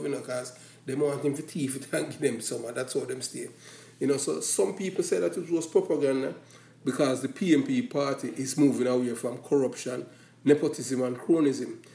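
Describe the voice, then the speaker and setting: A Jamaican man rambles through a casual opinion talk, drifting between patois and standard English. His voice is mellow and dark, at a middling pitch. The room around him rings with echo. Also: vocal fry. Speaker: commentator.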